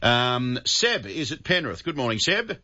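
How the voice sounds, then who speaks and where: A man's voice: medium pitch, very animated, unhurried, bright, forceful tone, muffled recording, slight background noise. An Australian man hosting talkback radio, chatty and friendly, calling callers mate. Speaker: radio host.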